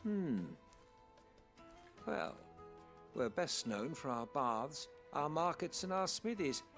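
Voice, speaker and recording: A man's voice: fairly high pitch, sing-song, fairly bright tone, soft background music, exaggerated voice. A man voicing a helpful male townsman in a video game, answering thoughtfully. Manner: unhurried, thoughtful.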